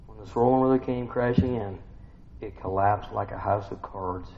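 In a dull lo-fi recording with long hall reverb, a man whose voice sits on the low side preaches informally at normal speed. He keeps it conversational, asking listeners questions and humming and affirming between points.

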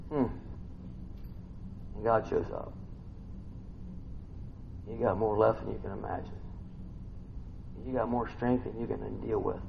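A gravelly-voiced man preaches a sermon, swinging between near-whispered asides and sudden loud bursts. His voice sits at a middle pitch. The recording is dull and lo-fi, with a faint hiss of noise underneath. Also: fairly even intonation, slow pace, long pauses. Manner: swings from hushed asides to loud exclamations, muses with hums. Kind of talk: sermon reading and expounding scripture.

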